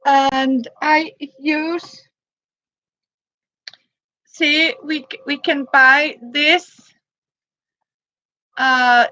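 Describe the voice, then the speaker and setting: A woman whose first language is Danish shows off boots she made, in slow, halting English full of fillers. Her voice sits high and bright. The recording is dry and slightly dull. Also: no echo. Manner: halting, searching for words, many fillers. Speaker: crafter showing handmade boots. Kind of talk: casual show-and-tell.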